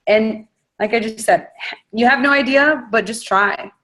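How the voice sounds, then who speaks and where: A woman's voice: a little high, measured pace, fairly bright tone. A woman on a video call, giving a blunt, frank and fired-up motivational talk as a network marketing leader.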